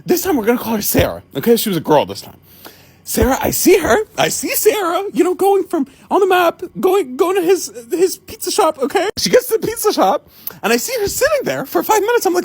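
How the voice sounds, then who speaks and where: A woman's voice: extremely high pitch, wildly swooping pitch, fairly quick, a little mellow. A woman telling a storytime vlog, acting out both sides of a phone call.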